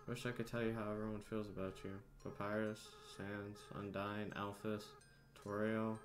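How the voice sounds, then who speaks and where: A man reading out the lines of a young goat-monster boy in a game, soft and halting, as if choked up with regret. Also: fairly low pitch, little pitch movement, lightly acted. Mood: remorseful. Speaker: gamer reading game dialogue aloud. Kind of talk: dramatic reading of game dialogue.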